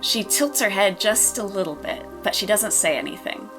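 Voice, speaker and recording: A woman's voice: mid-range voice, normal speed, over music. Easygoing woman running a tabletop game. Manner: relaxed, chatty, with ums. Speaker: game master. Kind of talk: narrating a tabletop role-play podcast.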